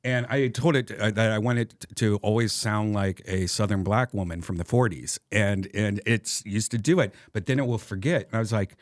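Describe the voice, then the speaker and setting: A man's voice: on the low side, normal speed, few pauses, no echo, clean studio sound. A man appearing as a podcast guest, telling stories in casual chat in a laid-back way and laughing easily.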